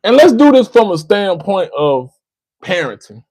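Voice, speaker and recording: Livestream host, American man, high-pitched and insistent, dry close sound. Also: very animated, moderate pace, a little mellow, dry recording, low-quality recording. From United States. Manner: emphatic, repeats phrases, addresses a listener by name. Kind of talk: impassioned livestream commentary.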